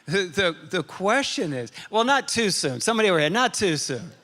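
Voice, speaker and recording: A man preaching a sermon as pastor, moving between self-mocking humor and earnest, quiet reflection. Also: high-pitched, very animated, fairly quick. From Arizona, USA. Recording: reverberant hall.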